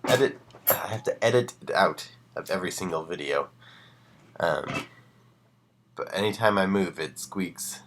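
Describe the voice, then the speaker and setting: Deep-voiced man reading creepy stories. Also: lively intonation, unhurried, long pauses, noisy background. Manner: casual asides between dramatic reading. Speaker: live-stream host reading horror stories.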